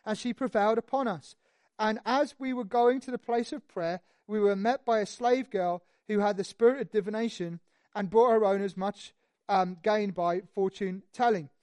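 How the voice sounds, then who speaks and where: A preacher giving a sermon, telling the story in an animated, conversational way with lively asides. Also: medium pitch, moderate pace, dry recording.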